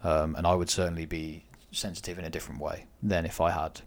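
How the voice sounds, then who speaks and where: A man co-hosting a casual discussion, weighing both sides of a question in a measured way. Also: low voice, flat delivery. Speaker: podcast co-host.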